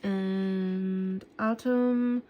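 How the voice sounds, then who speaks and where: A woman's voice: medium pitch, steady tone, extremely slow, lo-fi sound, slight background noise. A woman chatting casually through a sticker book flip-through, a little out of breath, with a chatty manner and lots of "um" fillers. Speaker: planner vlogger.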